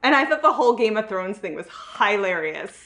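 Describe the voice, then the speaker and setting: A woman from the northern United States co-hosts a podcast, talking frankly about a movie in casual film discussion with many fillers and restarts. Her medium-pitched voice is very animated, a little fast, and sharp in tone.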